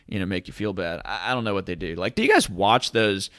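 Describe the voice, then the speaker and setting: A man with a fairly low voice hosting a casual commentary video. He reads news passages aloud and keeps breaking in with sarcastic rhetorical questions. The sound is dry and close, with little room echo. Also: fast, sharp tone. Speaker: host of a cryptocurrency commentary channel.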